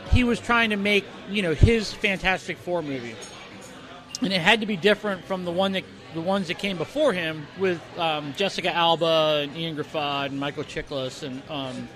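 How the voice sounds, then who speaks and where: A man's voice: sits high, normal speed, fairly bright tone, faint music behind. A man co-hosting a casual podcast, rambling with lots of fillers and restarts, recorded in the corner of a bar. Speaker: podcast co-host. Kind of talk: casual chat.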